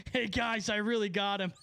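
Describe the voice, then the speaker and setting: A man's voice: high-pitched, no room sound. A young man casually chatting on a live stream, laughing a lot and swearing as he mocks someone. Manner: laughing, mocking, profane.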